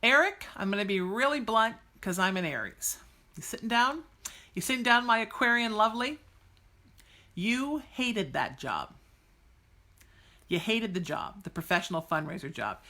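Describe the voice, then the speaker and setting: Woman, psychic podcast host, bright voice, slightly high pitch, blunt, gushing. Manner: blunt, exuberant, gushing, breaks into cheers and song snippets. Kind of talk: casual live-stream chat with viewers.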